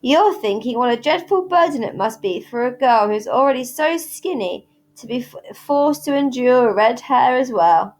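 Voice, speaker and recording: A woman reading aloud, voicing a chatty, dramatic, imaginative young girl with red pigtails who talks in flowery, theatrical rushes. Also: on the high side, lively intonation, natural voice. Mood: gushing. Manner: flowery, theatrical, rushing talk.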